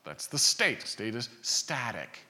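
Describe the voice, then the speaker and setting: A man's voice: medium pitch, sing-song, slow, pushed and bright. A man preaching a sermon in a conversational way, asking rhetorical questions and often restarting his sentences. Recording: reverberant hall.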